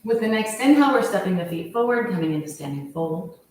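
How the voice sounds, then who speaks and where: A woman leading a yoga class, calmly cueing each pose in time with the breath. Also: mid-range voice, fast, slight background noise. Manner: calm, steady cueing of poses with the breath. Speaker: yoga instructor. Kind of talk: guided yoga class instruction. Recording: very echoey room, voice from far off.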